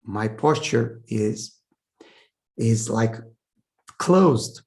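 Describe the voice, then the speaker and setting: A man's voice: medium pitch, slow, creaky. Man teaching on a video call. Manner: conversational, with frequent "so" and "okay" checks. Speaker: communication trainer. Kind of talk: online training talk. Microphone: video call setup.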